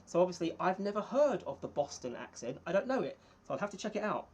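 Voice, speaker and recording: A man hosting his own livestream in a casual, chatty way, reading viewer comments and thanking people by name, indoors under bright lights. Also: sits high, very animated, fast, husky. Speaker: small YouTuber hosting a livestream.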